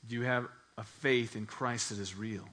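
A man preaching a sermon as pastor, telling a personal story in an earnest, animated way. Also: mid-range voice, normal speed.

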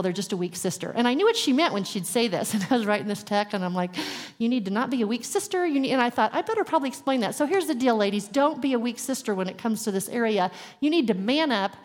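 A middle-aged woman with a mid-range, darkish voice teaches a women's group earnestly and candidly, acting out little dialogues along the way. Long hall reverb surrounds her.

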